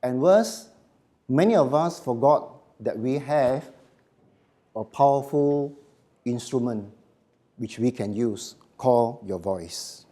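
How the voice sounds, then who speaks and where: A man giving a voice workshop to a live audience, speaking slowly and emphatically and letting his phrases drop quietly at the end. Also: medium pitch, lively intonation. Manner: slow, emphatic, dropping to quiet endings. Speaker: voice coach.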